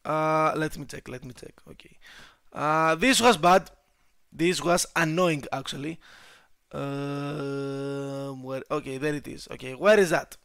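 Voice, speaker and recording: A young man giving casual gameplay commentary, excitable, swearing and shouting at his troops and laughing at himself. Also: fairly high pitch, a little slow, vocal fry, smooth, no echo, studio quality. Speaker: gaming YouTuber.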